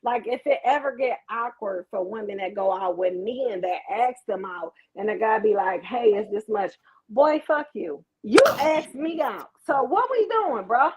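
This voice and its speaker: A woman's voice: fairly high pitch, lively intonation, moderate pace, few pauses, husky. A woman co-hosting a casual chat, talking bluntly and swearing freely. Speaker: podcast co-host. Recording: muffled lo-fi sound.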